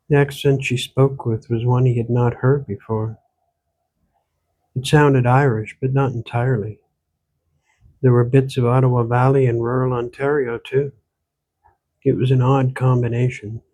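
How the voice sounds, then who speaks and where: A man, the author, reading his own gothic horror novel aloud in steady, measured storytelling. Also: mid-range voice. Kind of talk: audiobook narration.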